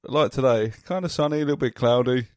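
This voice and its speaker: A man's voice: mid-range voice, quick pace, darkish tone, a little hiss or hum. A man co-hosting a casual podcast, teasing his friend and laughing often. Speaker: podcast co-host. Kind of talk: casual chat.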